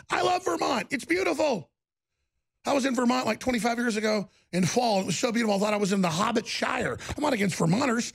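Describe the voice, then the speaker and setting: A man's voice: very high voice, creaky, slightly rough. A man hosting heated political commentary, ranting sarcastically. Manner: ranting, sarcastic, jumps between mock voices.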